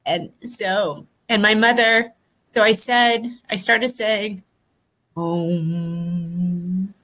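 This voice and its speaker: A woman speaks slowly and softly over a video call, her voice high and bright. She is emotional and near tears, stopping and restarting as she tells her story. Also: rough recording. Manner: soft, halting, pausing often. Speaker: guest. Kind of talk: emotional personal account.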